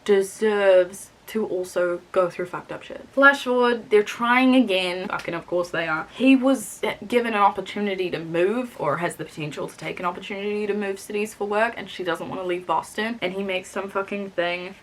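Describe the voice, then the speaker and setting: A young woman casually reviewing a novel in a blunt, expressive, sweary way. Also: mid-range voice, normal speed, hardly any pauses. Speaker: book reviewer. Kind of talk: casual book review vlog.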